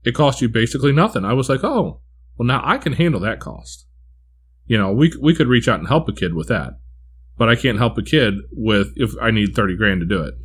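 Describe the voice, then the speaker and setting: A man from Missouri calmly describing how he and his wife came to adopt from foster care. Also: mid-range voice, quick pace, husky. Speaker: adoptive parent sharing his story. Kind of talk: casual personal storytelling.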